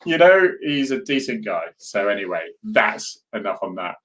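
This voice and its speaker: A man's voice: lowish voice, sing-song, normal speed, fairly bright tone. A man hosting a casual live chat, talking earnestly and rambling as he answers viewer comments. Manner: rambling, earnest, with many restarts and asides to viewers. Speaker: host.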